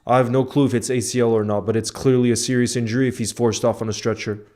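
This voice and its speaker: With a medium-pitched, level and dark voice, a man talks fast while live-reacting to a football game for his viewers as a fan streamer. He's emotional and outspoken, keeps saying "bro," and veers between outrage and downbeat reflection.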